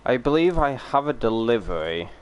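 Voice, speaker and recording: A man's voice: mid-range voice, sing-song, moderate pace, smooth. A man streaming a game, chatting casually with viewers in a rambling way, full of fillers and restarts. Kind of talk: casual live-stream chat while gaming.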